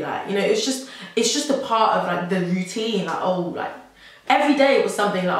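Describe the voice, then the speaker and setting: A young South London woman vlogs into her camera mic, rambling through a personal story packed with "like" and nervous laughter. Her mid-range voice is expressive and brisk. The room is very echoey.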